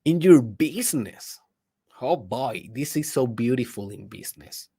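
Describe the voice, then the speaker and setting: The host of a personal development podcast speaks in an animated, mid-range voice that is creaky and husky, at a measured pace. His emphatic motivational monologue veers between loud bursts and hushed asides, peppered with rhetorical questions to the listener.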